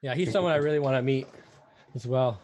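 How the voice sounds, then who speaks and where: A man's voice: medium pitch, quick pace, darkish tone. A man who is the guest on a casual live hangout, talking in an easygoing way with frequent laughs.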